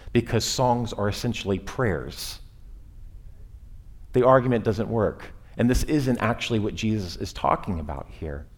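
A man preaching a sermon to his church in a conversational way, rising and falling in pitch and loudness as he makes his points. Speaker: pastor. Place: church sanctuary.

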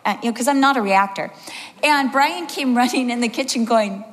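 Woman, sixties, preacher, sermon, animated storytelling, slightly high voice, reverberant hall. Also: a little fast.

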